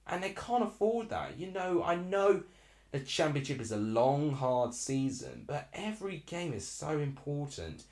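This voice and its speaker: Lively young streamer from Essex. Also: male voice, on the high side, a little slow, reverberant. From Essex, England. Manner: chatty, rambling, reacts aloud to the match. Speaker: live stream host. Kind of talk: live football watchalong commentary.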